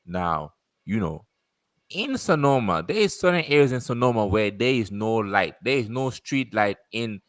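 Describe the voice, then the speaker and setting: A man casually telling an animated story about a delivery, laughing and swearing as he goes. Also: on the low side, moderate pace, no echo. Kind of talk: casual chat.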